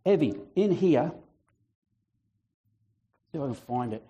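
A male pastor preaching a lively sermon, acting out voices and chatting with the congregation. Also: fairly high pitch, measured pace. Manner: animated, acts out biblical voices, chatty asides; fluent, breaks into a shout.

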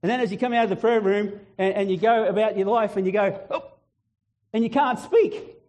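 Man preaching, animated, acts out voices; higher, mellow tone. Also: fast. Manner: animated, acts out biblical voices, chatty asides; fluent, breaks into a shout. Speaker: pastor. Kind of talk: sermon.

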